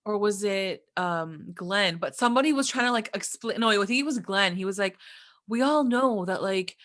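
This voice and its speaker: A woman with a bright, forceful voice at a middle pitch, chatting about a TV episode. She is opinionated and fills her talk with "like." She sounds like one half of a casual podcast. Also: a little fast. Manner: chatty, opinionated, many "like" fillers. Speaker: podcast co-host. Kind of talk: casual TV recap chat.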